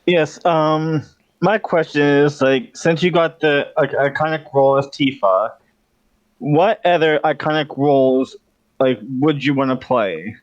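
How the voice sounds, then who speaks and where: A man's voice: fairly high pitch, a little slow, no room sound. Male panelist, hesitant, muffled dry remote audio. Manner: hesitant, filler-heavy. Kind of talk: casual podcast interview.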